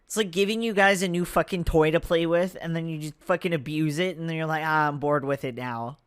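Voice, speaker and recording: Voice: mid-range voice, brisk, clear, resonant tone, dry recording, studio quality, faint music behind. A game streamer with a Texan accent, swearing and joking sarcastically while playing. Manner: profane, sarcastic, laughing asides. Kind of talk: casual gameplay commentary.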